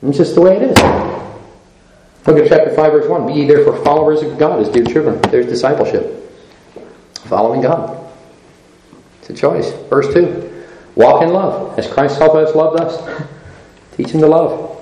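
An older man preaching a sermon as pastor in a church, animated, laughing often and asking rhetorical questions. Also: on the high side, moderate pace, long pauses, echoey room, poor audio. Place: church sanctuary.

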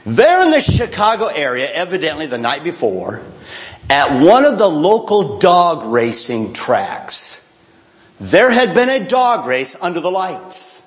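A man's voice: on the high side, wildly swooping pitch, unhurried. A man telling a long humorous story to a live audience, speaking to the crowd directly and acting out little voices along the way. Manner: chatty and self-mocking, addresses the crowd directly, acts out voices.

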